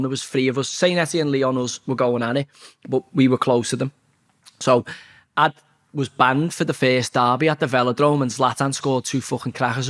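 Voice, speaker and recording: Bloke telling a sweary footy story, blunt, animated, average pitch. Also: male voice. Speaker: interview guest, former footballer. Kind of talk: casual storytelling interview.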